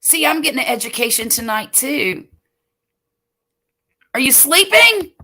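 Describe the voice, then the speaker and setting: Slow, bright-voiced older woman chatting. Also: sits high, big pitch swings, vocal fry. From US Gulf Coast. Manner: slow, rambling and chatty, laughs easily. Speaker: late-night livestream host. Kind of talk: casual chat reading viewer comments. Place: home at night.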